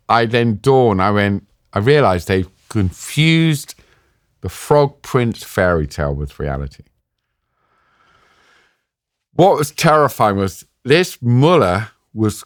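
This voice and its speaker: A middle-aged man, telling an animated story as an interview guest and acting out the voices in it with big pitch jumps. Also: no echo, studio quality. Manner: lively, acts out dialogue with pitch jumps, laughs while telling.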